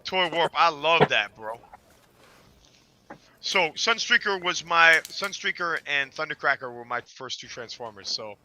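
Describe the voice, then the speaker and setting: Bright excitable man hosting a stream. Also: on the high side, measured pace, slight background noise, rough recording. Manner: excitable, laughing, swears freely. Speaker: livestream host. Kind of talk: casual group chat.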